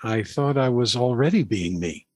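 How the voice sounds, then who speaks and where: A man's voice: mid-range voice, expressive, normal speed, dry recording, clean studio sound, natural voice. A man reading the part of a curious interviewer asking God earnest questions in a comedy skit over a video call.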